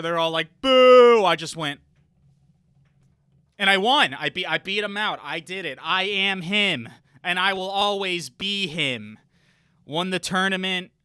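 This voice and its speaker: A man's voice: on the high side, bright, forceful tone, clear, resonant tone, no echo. A young man hosting a podcast in a rambling, boastful casual chat, often laughing between thoughts. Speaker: podcast host.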